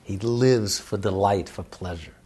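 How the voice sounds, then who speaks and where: A man's voice: lowish voice, unhurried, husky. A man teaching on a religious text, repeating his words and telling stories with frequent laughter. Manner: repeats words, laughs often, lively storyteller.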